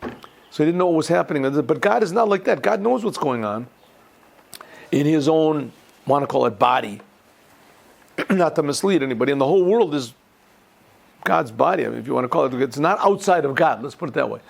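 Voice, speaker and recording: A man, a rabbi, giving an informal Torah lesson, often clearing his throat and restarting his sentences as he thinks aloud. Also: a little high, lively intonation, fairly quick, long pauses. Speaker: rabbi teaching a yeshiva class.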